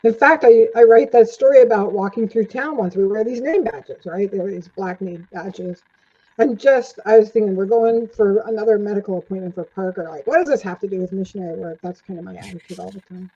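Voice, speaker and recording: Back for another casual interview, an older woman spins personal stories with lots of laughter, playing out people's quoted lines. She talks briskly in a dark, husky mid-range voice, captured on a dull, lo-fi recording.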